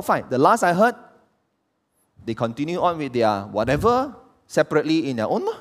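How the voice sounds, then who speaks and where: A man's voice: a little high, sing-song, fairly quick. A man, preaching a sermon as pastor and throwing rhetorical questions at the congregation. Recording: long hall reverb.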